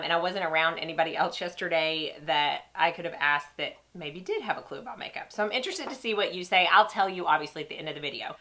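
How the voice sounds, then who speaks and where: Congested from a sinus cold, this woman sounds nasal, her lowish voice carrying a sharp edge. As a makeup vlogger, she talks straight to her viewers in a chatty way while demoing and reviewing beauty products.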